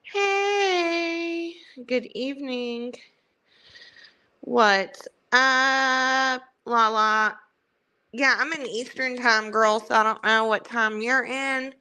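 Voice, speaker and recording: A woman's voice: sits high, extremely slow, bright, forceful tone, smooth. A woman with a Southern US country accent, hosting a livestream in chatty, rambling, self-mocking casual talk. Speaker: livestream host. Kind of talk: casual chat.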